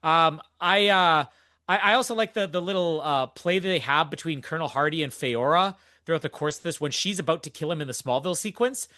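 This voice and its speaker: A man's voice: fairly high pitch, fairly quick, pushed and bright, no room sound, studio quality. A young man hosting a podcast, chatting casually and enthusiastically through a movie recap, rambling and laughing often. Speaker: podcast host.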